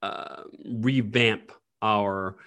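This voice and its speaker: A man talking as an interview guest in casual conversation, animated and blunt, swearing freely. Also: lowish voice, extremely slow, clear, resonant tone.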